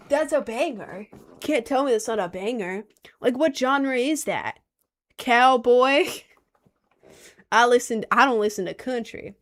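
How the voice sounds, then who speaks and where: A woman's voice: a little high, a little slow, pauses often, fairly bright tone. A young woman chatting casually on a vlog, rambling and unsure of herself, with lots of fillers and restarts. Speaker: vlogger.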